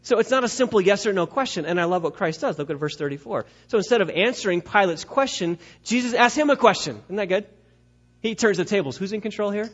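A man preaching a sermon, emphatic and direct with his listeners, swinging from loud declarations to hushed asides, on a dull lo-fi recording. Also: sits high, animated, quick pace. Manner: addresses the congregation directly, urging them to stay with him. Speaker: pastor.

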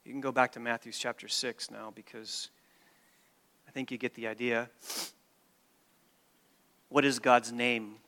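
Bright, clear-voiced male preacher. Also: medium pitch, flat delivery, measured pace, long pauses. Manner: emphatic, swings between loud stresses and hushed lines. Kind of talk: sermon.

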